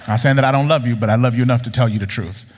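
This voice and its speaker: A male preacher delivering a blunt, teasing sermon that swings from low muttering to high outbursts. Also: racing, big-room sound.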